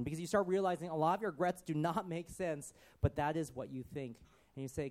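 A man preaching a sermon, earnest, often dropping to a soft voice. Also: on the high side, fairly quick, hardly any pauses.

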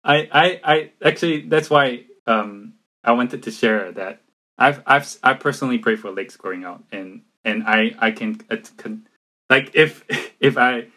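A man talking earnestly and a little haltingly in a casual faith conversation, with frequent restarts and fillers. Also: mid-range voice, sharp tone, poor audio.

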